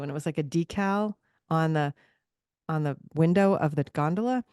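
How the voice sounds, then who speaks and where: Low-voiced woman telling stories with laughs. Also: fast talker, no room sound, clean studio sound. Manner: animated storyteller, laughs often. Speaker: podcast co-host. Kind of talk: casual chat.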